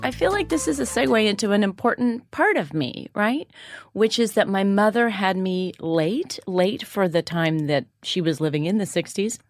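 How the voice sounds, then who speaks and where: A woman's voice: medium pitch, lively intonation, normal speed, soft background music. A woman guest talking reflectively about her childhood in a casual interview.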